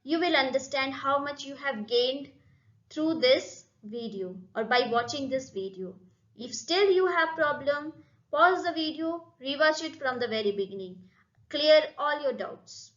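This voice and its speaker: A woman with an Indian English accent teaching a grammar lesson, repeating points slowly and checking in with "okay" and "right". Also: high-pitched, animated, a bit bright, reverberant, highs cut off. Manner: slow, repetitive, addresses students with "okay?" and "right?". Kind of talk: classroom lesson explanation.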